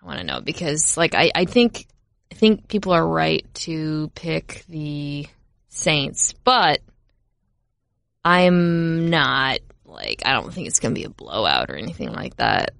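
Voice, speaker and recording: A woman with a Minnesota accent talks football in a casual podcast chat. Her lowish voice has a gravelly fry, and the sound is dry and close. She is chatty and pokes fun at herself. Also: a little slow, no echo. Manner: chatty, self-mocking, animated asides. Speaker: podcast co-host.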